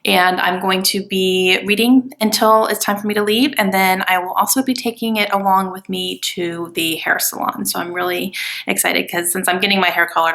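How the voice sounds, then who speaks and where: Woman book vlogger totally losing it with excitement, casual gushy chat from her couch. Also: mid-range voice. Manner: gushing, breathless excitement. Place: home couch.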